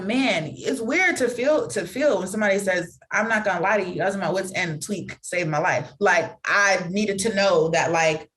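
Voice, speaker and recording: A woman guest on a podcast, speaking candidly and earnestly with lots of fillers, acting out quick quotes in an animated way as she tells stories. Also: mid-range voice, slight background noise. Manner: earnest, reflective, filler-heavy talk.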